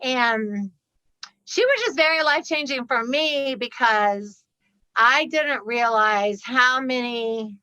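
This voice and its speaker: A woman guest on a podcast, telling a story with lively laughter and acting out the people in it. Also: on the high side, slow pace, clear, resonant tone, dry recording, low-quality recording. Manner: laughs often, acts out the people in her story. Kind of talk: animated storytelling.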